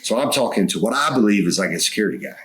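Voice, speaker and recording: A man's voice: lowish voice, lively intonation, racing. A man co-hosting a podcast, telling a long story in casual chat and swearing freely. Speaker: co-host.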